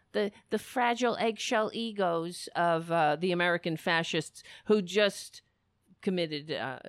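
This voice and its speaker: A woman's voice: mid-range voice, a bit bright, no room sound, clean studio sound. Indignant woman ranting over the news. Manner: indignant, ranting, frequent restarts and swearing; reads news excerpts aloud between remarks. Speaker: political commentator. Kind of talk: impassioned political commentary.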